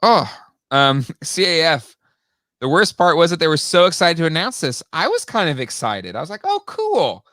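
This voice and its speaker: A man co-hosting a casual podcast chat, talking in an animated way and reading out listener comments. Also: moderate pace, dry recording. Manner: animated, jumps high in pitch when exasperated. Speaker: podcast co-host.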